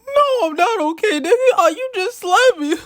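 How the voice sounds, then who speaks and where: A man voicing a hurt eleven-year-old boy who is crying and sobbing as he shouts back in a high, breaking voice. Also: lively intonation, moderate pace, dry recording, studio quality. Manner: high wailing cry, voice breaking.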